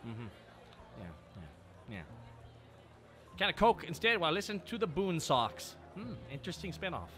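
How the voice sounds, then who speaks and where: Male streamer, slightly high, very expressive, jokey chat, music bed. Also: normal speed, long pauses. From Canada. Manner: animated, joking, riffs with chat. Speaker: VTuber streamer. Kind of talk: casual live-stream chat.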